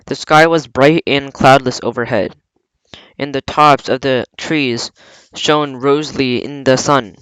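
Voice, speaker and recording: A man's voice: medium pitch, unhurried, dry recording, low-quality recording. Man reading a classic novel aloud. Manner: plain steady narration with small slips and throat clearing. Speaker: audiobook reader.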